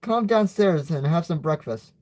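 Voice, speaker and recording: A young man reading a homemade storybook aloud and voicing a joking, teasing uncle, a little higher than his own voice. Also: expressive, a little mellow, close to an everyday voice. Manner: teasing, halting read-aloud delivery.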